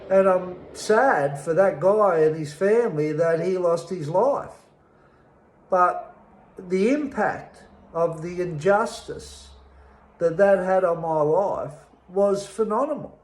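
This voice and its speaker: A middle-aged Australian man recounting his own past in a slow, emphatic, bitter way, pausing often. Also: fairly high pitch, echoey room, rough recording. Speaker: interviewee telling his life story. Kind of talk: personal testimony.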